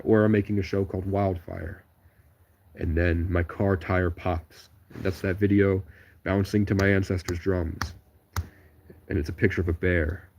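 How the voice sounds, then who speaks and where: A man's voice: low-pitched, a little mellow, muffled recording. A man talking alone on a livestream, telling digressive stories in a stream-of-consciousness ramble. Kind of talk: rambling solo livestream monologue.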